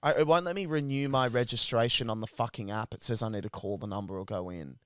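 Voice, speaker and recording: A man's voice: medium pitch, fast, clear, resonant tone, dry recording, clean studio sound. An Australian man co-hosting a podcast, telling stories in casual, profane chat. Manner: animated, profane storytelling. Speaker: podcast co-host.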